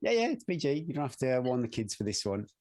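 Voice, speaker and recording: A man's voice: mid-range voice, sing-song, fast talker, a little mellow. Easygoing, self-deprecating male co-host. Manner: easygoing, self-deprecating, laughs at own jokes. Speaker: podcast co-host. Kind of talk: casual chat.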